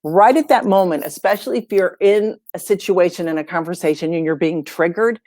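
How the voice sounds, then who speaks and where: A woman, a life coach and podcast guest, tells stories in a relaxed, conversational way and acts out the lines of the people in them. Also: lowish voice, fairly quick, dry recording, studio quality. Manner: lively storyteller who acts out dialogue. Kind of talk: casual podcast storytelling.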